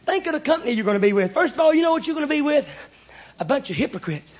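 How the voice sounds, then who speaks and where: A very high-pitched man delivers a fiery hellfire sermon, pressing his point hard and breaking into shouts. The recording is dull and lo-fi. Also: sing-song, rapid-fire. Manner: emphatic, addresses listeners as "friend", rising to shouts. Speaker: preacher.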